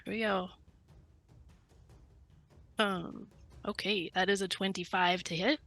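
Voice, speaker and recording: A woman plays a tabletop game, calling out her moves with playful jokes. She talks slowly, and her voice is bright with a sharp edge. The sound is dry and close. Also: mid-range voice, steady tone, no room sound, faint music behind. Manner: playful, joking. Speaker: player. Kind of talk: casual tabletop game play.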